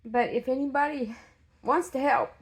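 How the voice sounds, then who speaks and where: Middle-aged lady dog breeder, bit high voice, shaken up, lots of ums and restarts. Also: vocal fry. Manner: halting, with many fillers and restarts. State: emotionally shaken. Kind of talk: casual direct-to-camera update.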